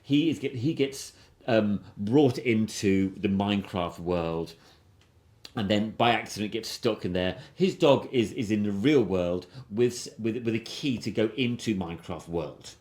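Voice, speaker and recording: A man's voice: lowish voice, unhurried, darkish tone. A man hosting a film review podcast, rambling and enthusiastic in casual chat, with frequent restarts. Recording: roomy echo.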